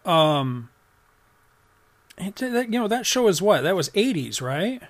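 Laughing, higher-voiced American man co-host. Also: big pitch swings. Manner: easygoing, laughs often, quick asides. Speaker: podcast co-host. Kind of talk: casual chat.

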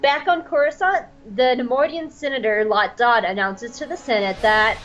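A woman's voice: a little high, moderate pace, fairly bright tone, muffled recording, soft background music. A woman co-hosting a podcast, recapping an episode in a casual, gushing way full of "like". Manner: bubbly, gushing, filler-heavy. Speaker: podcast co-host.

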